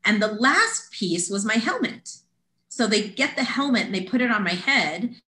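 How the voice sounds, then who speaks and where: Woman, casual storytelling, animated, mid pitch, roomy echo. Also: moderate pace. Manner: animated, acts out quoted voices. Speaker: podcast guest.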